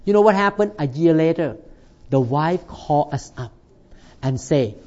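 A man's voice: fairly high pitch, expressive, moderate pace, darkish tone, dull audio. A male pastor delivering a sermon in slightly non-native English phrasing, emphatic and punctuating his points with "Amen".

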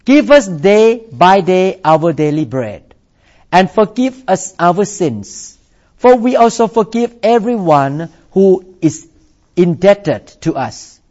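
Man, pastor, sermon, slow, slightly high voice. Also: very animated, darkish tone, muffled recording. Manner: slow deliberate preaching, repeats for emphasis.

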